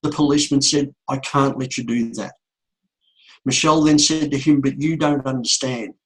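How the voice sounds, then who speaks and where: A middle-aged man, a motivational speaker, telling a painful story to an audience in a slow, repetitive way with emphatic pauses. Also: medium pitch, steady tone, a bit bright, husky, rough recording. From Australia. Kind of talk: emotional speech to an audience.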